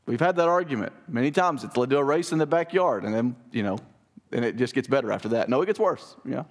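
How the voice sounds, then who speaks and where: A man in his thirties giving a conversational sermon as pastor, emphatic and animated with joking asides. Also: mid-range voice, fast.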